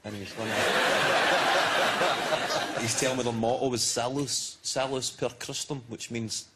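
A man's voice: medium pitch, a little slow, a little hiss or hum. Dry-witted young Scottish man. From Scotland. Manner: deadpan storytelling, dry jokes, laughs often. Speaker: comedian guest. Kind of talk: chat show anecdote.

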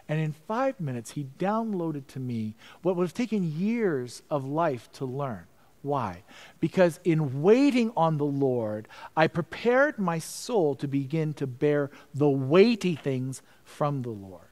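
A middle-aged man preaching a sermon as pastor, telling a story with stammered repeats and dropping to a hushed voice for prayers. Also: a little high, very animated, measured pace.

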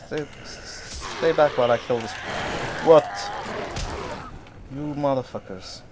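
Male gamer, let's-play commentary, unhurried speech, swears a lot, faint background hum. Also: mid-range voice. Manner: swearing, excitable, talks back to game characters. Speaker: gamer playing through a game.

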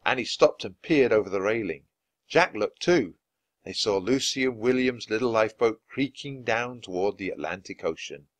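A man reading a children's book aloud, with expressive, lively narration. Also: lowish voice, normal speed, no echo. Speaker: storyteller.

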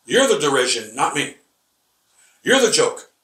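A man teaching a rambling Bible lesson, halting and repeating words with many fillers, emphatic and combative. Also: a little high, big pitch swings, a bit bright. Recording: echoey room, voice from far off.

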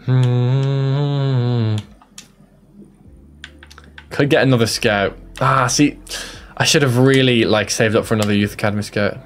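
A man's voice: medium pitch, steady tone, measured pace, pauses often. Chatty Irish man streaming a game. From Ireland. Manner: chatty, jokey and self-deprecating. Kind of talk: casual live gaming commentary.

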